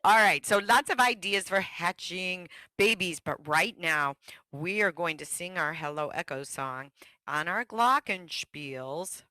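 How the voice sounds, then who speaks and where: A woman runs an online music workshop for teachers in a slow, unhurried voice. She keeps slipping into high sung echoes between her talking. Her tone is bright and close, and the room sounds dry. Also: expressive.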